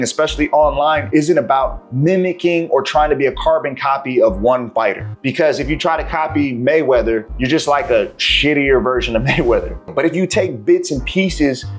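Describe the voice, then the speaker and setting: Slangy, profane martial arts coach. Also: male voice, on the high side. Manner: slangy, profane, animated storytelling. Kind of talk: casual talking-head coaching vlog.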